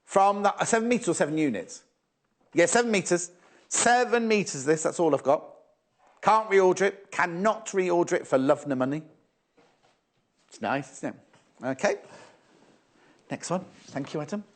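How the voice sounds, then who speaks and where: A man's voice: high voice, a little slow, pauses often. A man presenting fabrics live on a shopping channel, chatty and teasing, often repeating prices and stock levels.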